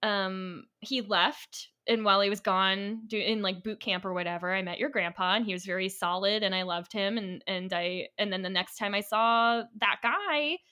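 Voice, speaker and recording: A woman's voice: mid-range voice, normal speed, hardly any pauses, bright, forceful tone, clear, resonant tone. A woman co-hosting a podcast, chatty and giggly, retelling a movie plot in casual conversation. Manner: chatty, giggly, many fillers. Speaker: podcast co-host. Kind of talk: casual chat, recapping a movie.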